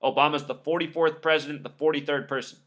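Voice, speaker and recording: A man's voice: on the high side, steady tone, quick pace, fairly bright tone. A man giving a scornful, emphatic commentary monologue, listing numbers one after another. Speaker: video commentator. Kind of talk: monologue over news clips.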